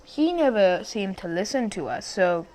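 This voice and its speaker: A woman's voice: mid-range voice, big pitch swings, a little slow, darkish tone. A young woman telling a story about her school days in a casual, rambling way, with many restarts and asides.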